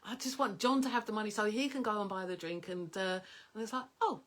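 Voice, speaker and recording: Woman, middle-aged coach, casual rambling storyteller, medium pitch, filler-heavy. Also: quick pace. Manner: rambling, animated, many fillers, dreamy soft whispers in places. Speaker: personal development coach.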